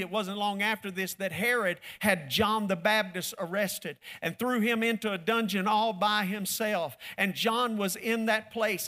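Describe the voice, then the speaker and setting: Bright, high-voiced preaching man. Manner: folksy, emphatic, calls on the congregation to respond. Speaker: pastor. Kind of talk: sermon.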